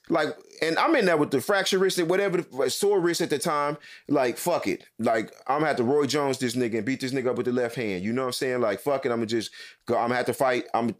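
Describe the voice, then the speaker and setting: This is a man chatting casually on a podcast, at an ordinary mid-range pitch for a man. He tells stories with swearing, repetition and restarts, and his delivery stays animated and conversational. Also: quick pace. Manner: animated storyteller, swears freely, repeats and restarts. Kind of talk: casual chat.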